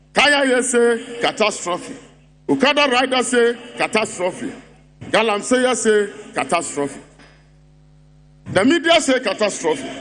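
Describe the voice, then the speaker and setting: A man with a Ghanaian English accent addresses a political congress in a rally speech. His voice sits high, and his delivery is rhetorical and mocking, hammering the same word again and again. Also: fairly bright tone. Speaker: political speaker at party congress.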